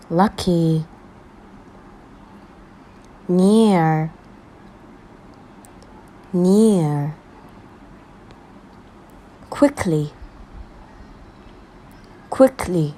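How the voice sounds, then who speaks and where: A woman with Arabic as her first language, teaching English by reading a story aloud and saying each vocabulary word twice, clearly and carefully. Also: on the low side, low-quality recording. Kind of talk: slow read-aloud English lesson.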